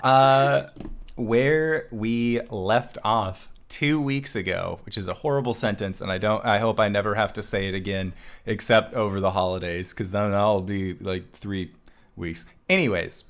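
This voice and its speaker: A man's voice: fairly low pitch, measured pace. A man running a tabletop game as dungeon master, chatting casually to his stream audience and a little out of breath. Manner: chatty, rambling, laughs often. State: a bit out of breath.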